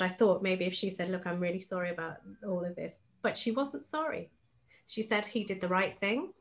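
A woman's voice: medium pitch, a bit bright, rough recording. A woman with a British accent, an author telling a personal story as the guest of an online talk, acting out the quoted lines as she goes. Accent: British English.

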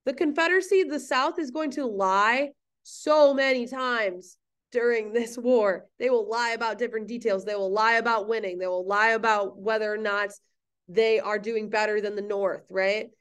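Playful woman teacher, fairly high voice. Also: steady tone, normal speed, a bit bright, clear, resonant tone. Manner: playful, jokey and chatty. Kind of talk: recorded history lecture. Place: empty classroom.

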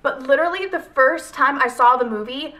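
High, bright, chatty woman vlogger. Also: brisk. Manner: chatty and rambling, many fillers; gushing, emotional. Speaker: book vlogger. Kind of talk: casual video review.

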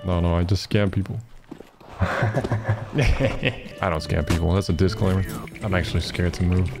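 A man's voice: sits low, steady tone, unhurried, vocal fry. A man streaming an online shooter, giving laid-back, joking and rambling commentary while he plays. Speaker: game streamer. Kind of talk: casual gameplay commentary. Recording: gameplay recording with music behind.

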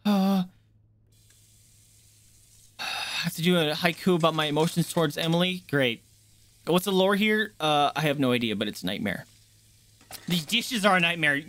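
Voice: mid-range voice, expressive, unhurried, pauses often, a bit bright. A streamer doing live horror gameplay commentary, jumpy and swearing a lot, shrieking at scares and talking straight to the chat. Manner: talks to chat directly.

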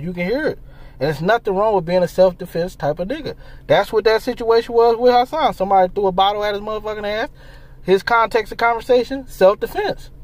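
A man ranting in casual commentary, animated and profane, firing off rhetorical questions. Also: sits high. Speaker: commentary vlogger.

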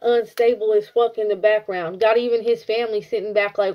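A woman's voice: fairly high pitch, brisk, hardly any pauses, lo-fi sound. Blunt, cussing woman tarot reader. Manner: blunt, profane, animated storytelling. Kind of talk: casual tarot reading.

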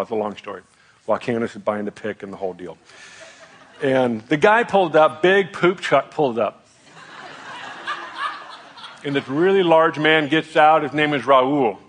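A middle-aged man, a pastor, telling a personal story in a sermon with a candid, self-deprecating, animated manner. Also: medium pitch.

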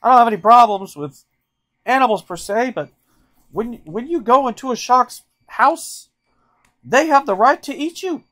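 A man's voice: very high voice, expressive, normal speed, pushed and bright, pitched above the performer's own voice, heavily acted. A man voicing a folksy, blunt woman teacher who speaks in a matter-of-fact, lecturing way.

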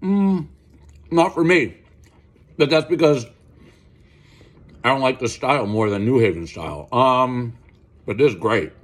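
A man's voice: medium pitch, unhurried, pauses often. Rambling, profane man reviewing pizza. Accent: Boston. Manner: rambling, profane, animated storytelling. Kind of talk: casual review monologue.

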